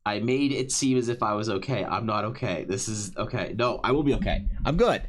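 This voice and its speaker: A man's voice: on the low side, a little fast. A man streaming live while he draws, talking to his chat in a stammering, emotional way, restarting his words and swearing often.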